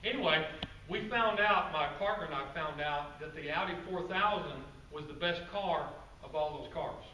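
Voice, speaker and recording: A man's voice: a little high, moderate pace, pushed and bright. Man telling racing stories in a roomy hall. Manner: storytelling with asides to the audience. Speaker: guest speaker. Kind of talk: conversational presentation to a club audience. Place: meeting room with an audience. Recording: roomy, distant, faint background noise.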